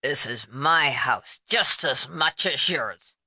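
A woman voicing a drunken, belligerent man who bellows and shouts. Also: a bass voice, lively intonation, takes it slowly, breathy edge, dry recording, voice pushed down, full character voice.

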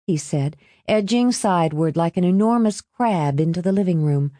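Low-voiced woman reading a novel. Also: lively intonation, normal speed, hardly any pauses, mellow, no room sound, studio quality. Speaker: narrator. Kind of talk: audiobook narration.

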